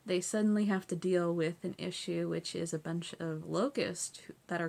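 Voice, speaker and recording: A woman's voice: lowish voice, flat delivery, normal speed, vocal fry, a little mellow. A woman hosting a casual TV episode recap. She is chatty, says "like" and "so yeah" a lot, and laughs often between points.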